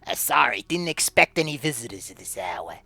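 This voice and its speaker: A man's voice: mid-range voice, big pitch swings, brisk, vocal fry, sharp tone, no room sound, faint music behind, voice pushed down, exaggerated voice. A man doing a chummy dwarf coroner. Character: cheerful male dwarf coroner.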